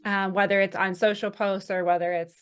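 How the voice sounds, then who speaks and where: A woman's voice: medium pitch, level tone, a little fast, clean tone. A woman co-hosting a podcast in casual chat, talking in a chatty, rambling way with plenty of fillers. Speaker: podcast co-host.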